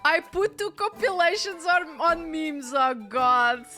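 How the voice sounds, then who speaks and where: A young woman with a Portuguese accent chatting excitedly while streaming a game, laughing often and swearing casually. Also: extremely high pitch, slow pace, soft background music. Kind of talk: casual chat while gaming.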